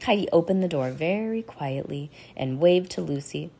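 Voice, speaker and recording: A woman's voice: sits low, expressive, moderate pace, creaky, mellow. A woman who is a little sick reading a children's chapter book aloud and chatting about the story between passages. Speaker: reader.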